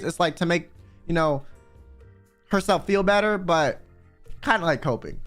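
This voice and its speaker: A man's voice: high voice, moderate pace, pauses often, fairly bright tone, soft background music. A young man streamer giving casual, profane commentary, wandering into rambling asides.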